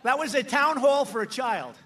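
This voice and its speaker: A man giving a campaign rally speech at a podium microphone, mocking and repetitive, shouting lines out to the crowd. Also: extremely high pitch, lively intonation, moderate pace. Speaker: politician addressing a rally crowd. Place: large outdoor rally.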